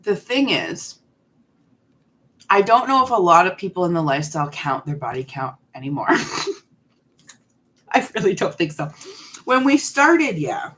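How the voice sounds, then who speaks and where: A woman's voice: on the low side, sing-song, unhurried, long pauses, fairly bright tone. A woman in her forties hosting a live stream, chatting candidly and answering viewers' questions while snacking on candy. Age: 40s.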